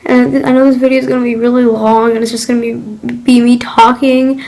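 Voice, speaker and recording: A teenage girl vlogging, talking in a halting, apologetic way and choked up after crying. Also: fairly high pitch, flat delivery, vocal fry, darkish tone, low-quality recording. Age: teens. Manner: halting, self-correcting, apologetic. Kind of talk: confessional vlog talk.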